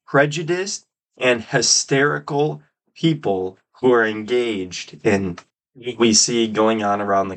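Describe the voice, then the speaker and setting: A man hosting his own podcast, giving solo political commentary with emphatic, drawn-out stresses on key words. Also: fairly low pitch, a bit bright. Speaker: podcast host.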